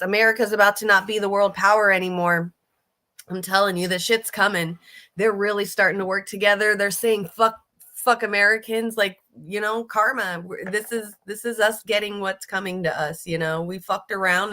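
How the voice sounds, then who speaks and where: A woman's voice: mid-range voice, fairly even intonation, moderate pace, pushed and bright. A woman giving casual, blunt political commentary, emphatic and swearing freely, often restarting her sentences. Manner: restarts and fillers, riled up.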